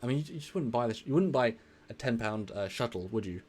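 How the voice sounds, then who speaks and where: A man in a mid-pitched, everyday voice hosts a casual live stream. He is chatty and energetic, reads viewer comments aloud and answers them on the fly with easy laughs. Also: fast talker.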